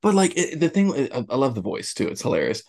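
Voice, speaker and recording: A man co-hosting a podcast, chatting casually about sports in a rambling, animated way with many restarts. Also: mid-range voice, quick pace, creaky. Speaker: podcast co-host.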